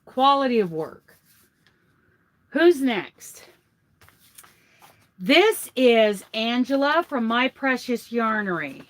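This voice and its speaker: A woman's voice: on the high side, very animated, slow pace, long pauses. A woman hosting her crochet vlog, chatting and gushing over handmade gifts from a truck. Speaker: vlog host. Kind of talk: casual chat showing crochet gifts. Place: inside a truck.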